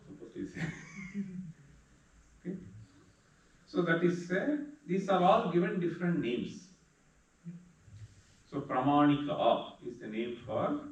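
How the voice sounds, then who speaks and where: A man lectures a class at an unhurried, patient pace. He breaks into slow chanting now and then, and his voice reaches the mic from a distance. The room rings with heavy echo. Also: fairly high pitch, dull audio. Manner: explains patiently, chants verses slowly. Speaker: teacher. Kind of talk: lecture on Sanskrit meter.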